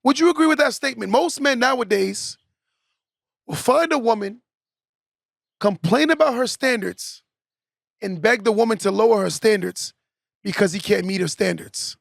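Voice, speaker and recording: A young podcast host with a high-pitched voice and vocal fry speaks at a moderate pace, pausing often, in a clean studio recording with no echo. His monologue is preachy and motivational, with "right?" tagged onto his points again and again.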